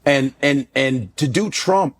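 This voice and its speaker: A man, a comedian guest on a podcast, telling stories in an animated way. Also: medium pitch, takes it slowly. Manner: animated storytelling with slips into voices. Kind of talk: podcast interview.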